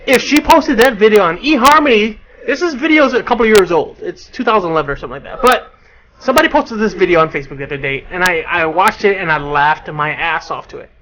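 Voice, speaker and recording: High-voiced laid-back radio host man. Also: expressive, quick pace, a bit bright, lo-fi sound. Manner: laid-back, slangy, addresses listeners. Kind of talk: casual radio chat.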